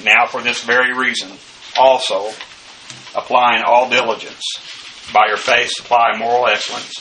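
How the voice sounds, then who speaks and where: A man's voice: medium pitch, pushed and bright, far from the mic, a little hiss or hum, low-quality recording. Methodical male Bible teacher, set back from mic. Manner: methodical, spells out Greek words letter by letter; frequent "uh" fillers and restarts. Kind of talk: verse-by-verse Greek Bible lesson.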